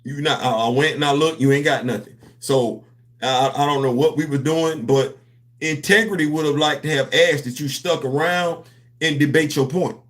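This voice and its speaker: A man with hosting a comics livestream, talking to his chat in an animated, preachy, slangy way. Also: fairly high pitch, moderate pace. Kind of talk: casual livestream commentary.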